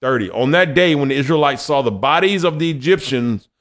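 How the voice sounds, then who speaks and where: A man's voice: mid-range voice, expressive, fairly quick, fairly bright tone. A young adult man preaching a conversational sermon and reading scripture, acting out quoted voices as he goes.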